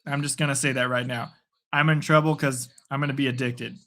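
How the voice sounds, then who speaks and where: A man hosting live play-by-play and reaction, chatty and casual between quick bursts of calling the action. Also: medium pitch, steady tone, fairly bright tone. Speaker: host.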